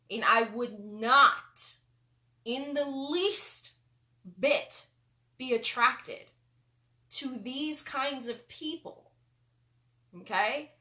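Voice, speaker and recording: A woman host gives a spiritual teaching talk at a slow, deliberate pace. Her tone is bright and keen. She leans hard on key words, then drops to soft asides. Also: on the high side. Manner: emphatic, swings between loud stresses and soft asides.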